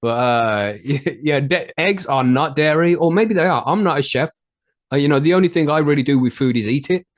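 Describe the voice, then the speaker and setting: A man's voice: a little high, moderate pace. An English man co-hosting a podcast, chatting casually and joking, swearing often and rambling with restarts. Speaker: podcast co-host. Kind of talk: casual comedic chat.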